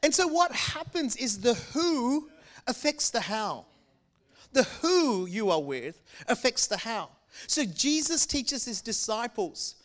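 A middle-aged man born in Malaysia preaching a sermon in an animated, conversational way, drawing the congregation in. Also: very high-pitched, slow pace. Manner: animated, conversational, engaging the crowd. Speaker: pastor.

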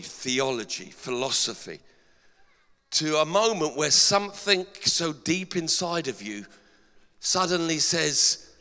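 A middle-aged man preaches a sermon, throwing rhetorical questions out to his congregation. His voice sits a little high and rings bright and forceful. The church hall around him lingers with a long reverb. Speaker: pastor.

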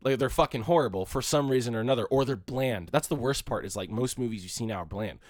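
A man from California co-hosting a casual movie podcast, rambling and swearing, loudly acting out the people he quotes. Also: medium pitch, fast, no room sound, studio quality. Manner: profane, rambling, shouts when quoting people. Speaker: podcast co-host.

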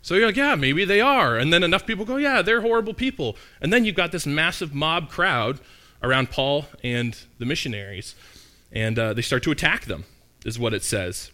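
Preaching as a pastor, this man speaks at medium pitch and normal speed. He delivers his sermon with animation and performs the voices of the people he quotes.

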